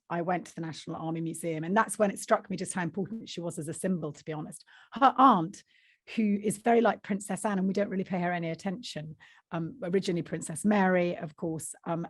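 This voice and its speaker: A woman author being interviewed, telling lively anecdotes and acting out the voices of the people in them. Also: on the low side, dry recording, studio quality. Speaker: author and guest. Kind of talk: interview storytelling.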